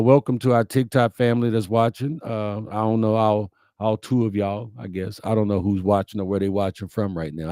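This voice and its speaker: A man's voice: mid-range voice, vocal fry, warm tone, no room sound, clean studio sound. A middle-aged man, hosting a livestream, reading viewer comments and answering them in a folksy, heartfelt, preacherly way. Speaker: host of a live-streamed message show.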